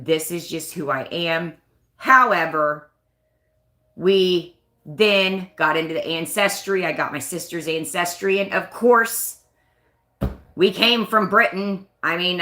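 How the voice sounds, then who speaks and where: A woman's voice: fairly low pitch, bright, forceful tone, roomy sound. A woman hosting a casual live stream, chatting and rambling in a self-conscious way. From United States. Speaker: livestream host.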